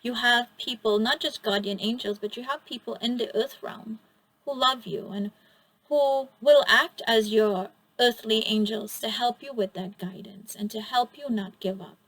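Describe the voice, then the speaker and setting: A woman giving a pick-a-card oracle reading, gentle, encouraging and a little rambling. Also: fairly high pitch, moderate pace, dry recording, low-quality recording.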